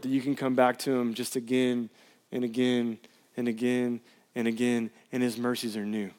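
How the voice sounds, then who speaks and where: In this sermon, a male pastor swings between passionate, pleading peaks and hushed, intimate moments.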